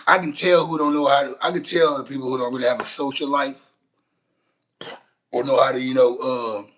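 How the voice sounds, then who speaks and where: Blunt husky man ranting. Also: medium pitch, steady tone, a little fast, fairly bright tone, poor audio. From Shreveport, Louisiana, USA. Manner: blunt, profane, rambling with restarts. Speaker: livestream host. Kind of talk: casual livestream rant.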